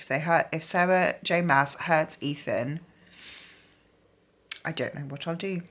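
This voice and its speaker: Woman, book vlogger, gushing, chatty, lots of fillers, slightly low voice. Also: fairly even intonation, unhurried, fairly bright tone. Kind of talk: casual reading vlog.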